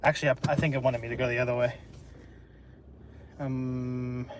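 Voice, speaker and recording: A man's voice: mid-range voice, little pitch movement, moderate pace. A man who works as a delivery driver, talking casually to the camera while he drives and rambling as he thinks aloud. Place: in a car on rural roads. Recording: car recording with road noise.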